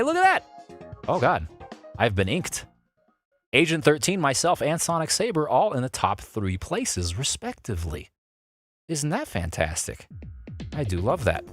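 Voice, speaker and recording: A man giving live commentary over his kart racing stream, playful and excitable as he chats with viewers. His pitch leaps and dips all over as he reacts. Game music plays faintly behind him.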